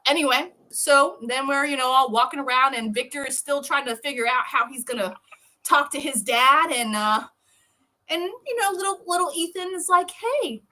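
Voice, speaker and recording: Brief woman, higher-pitched and bright, swearing freely through an animated casual episode recap. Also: moderate pace. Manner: animated, profane, storytelling. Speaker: podcast co-host.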